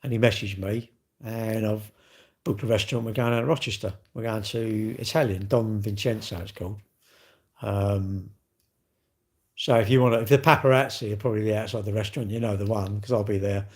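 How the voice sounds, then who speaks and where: Here a middle-aged man runs a live stream, casually going through viewer comments with meandering, playful, self-mocking remarks. His pitch is fairly low, his intonation fairly even, and his delivery brisk.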